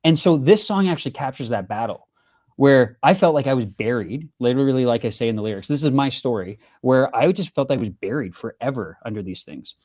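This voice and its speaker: A man's voice: mid-range voice, expressive, a little fast, darkish tone, highs cut off. A man, a singer-songwriter guest in a casual interview, telling his story earnestly with lots of fillers and restarts.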